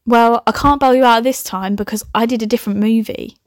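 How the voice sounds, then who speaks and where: Young woman reading her old story out loud, keeps cracking up and swearing at it, fairly high voice, dry close sound. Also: fairly even intonation, a little fast, no room sound. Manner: chatty, giggly, swearing asides. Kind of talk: comic reading with running commentary.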